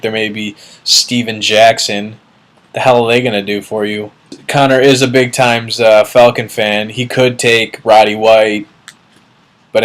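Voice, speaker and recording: A young man ranting casually and bluntly, swearing and cutting words off mid-sentence. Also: on the low side. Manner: blunt, profane, mocking, trailing off mid-word. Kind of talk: casual vlog rant.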